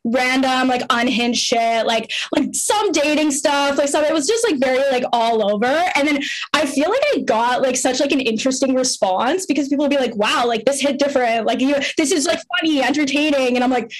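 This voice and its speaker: A woman's voice: high voice, a little fast. A young woman from Canada, a podcast guest, chatting casually with lots of filler words and playful swearing. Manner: rambling, heavy 'like' fillers, playful swearing. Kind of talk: casual chat.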